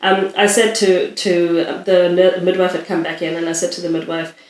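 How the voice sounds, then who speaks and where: A woman guest recounting a personal story in conversation, earnest and halting, often acting out remembered dialogue. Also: on the low side, steady tone. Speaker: podcast guest. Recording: roomy sound from a distant mic.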